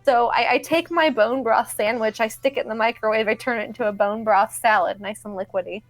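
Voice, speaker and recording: A woman's voice: a little high, fairly even intonation, a little fast, dry recording, rough recording. A young woman making playful, absurd jokes in casual banter over gameplay. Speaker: let's play co-commentator. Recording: game music underneath.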